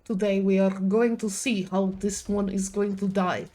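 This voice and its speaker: A woman's voice: mid-range voice, little pitch movement, normal speed, dark tone, pitched below the performer's own voice, lightly acted. A woman playing a boastful young male gym bro in a put-on Serbian accent that slips toward Russian, in choppy broken English. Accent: put-on Serbian, drifting toward Russian.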